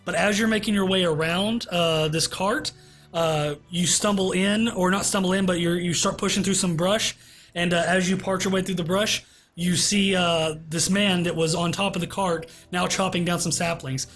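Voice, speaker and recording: High-voiced man running a tabletop game. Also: fairly even intonation, fairly bright tone. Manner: halting narration full of uh fillers. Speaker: game master.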